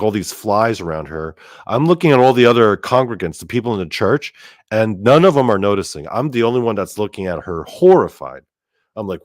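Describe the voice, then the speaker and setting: Male host, lowish voice, loose rambling delivery with swearing, dry close mic. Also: no echo. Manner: rambling, filler-heavy, swears freely. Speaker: podcast host. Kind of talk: casual storytelling.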